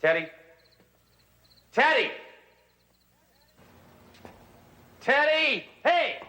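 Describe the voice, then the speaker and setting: A man's voice: sits low, animated, moderate pace, fairly bright tone, low-quality recording. An actor playing a brash, trigger-happy male police detective in a sitcom, cocky and blunt. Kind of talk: 1980s sitcom acting.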